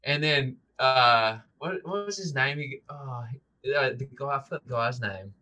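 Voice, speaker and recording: A man's voice: mid-range voice, measured pace, bright, forceful tone. A man co-hosting a podcast, telling stories in casual chat, laughing and swearing often. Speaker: podcast co-host.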